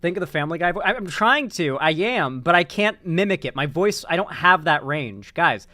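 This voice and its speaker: A man with a fairly high voice talks straight into a dry, close mic, hosting a loose online commentary show. He rambles and restarts his sentences often, swearing casually as he goes. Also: lively intonation, moderate pace, bright, forceful tone, no echo. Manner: rambling, many restarts and fillers, swears freely. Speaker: political commentary host.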